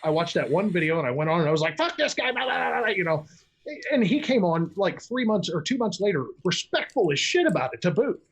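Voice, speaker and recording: A man's voice: very animated, brisk, husky. A man speaking as a guest on a casual podcast chat, blunt and foul-mouthed, rambling through stories and jumping into quoted voices. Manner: acts out quoted voices with big pitch jumps.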